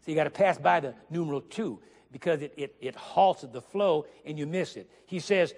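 A man preaching a sermon to a congregation, emphatic, repeating key phrases and slowly reading scripture aloud while asking the listeners questions. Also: a little high, a little mellow. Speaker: guest preacher. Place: church sanctuary. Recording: long hall reverb.

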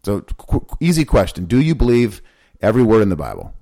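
A man's voice: fairly low pitch, wildly swooping pitch, fairly quick, vocal fry, mellow. A man co-hosting a podcast in casual talk, pressing his questions over and over. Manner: insistent, pressing questions repeatedly. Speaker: podcast co-host.

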